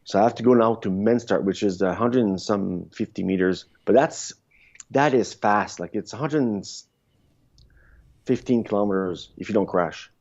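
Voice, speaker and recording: Low, dark-voiced man telling stories. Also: moderate pace. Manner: rambling, animated, frequent restarts. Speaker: podcast guest, former luge athlete. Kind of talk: casual interview storytelling. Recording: dull lo-fi sound.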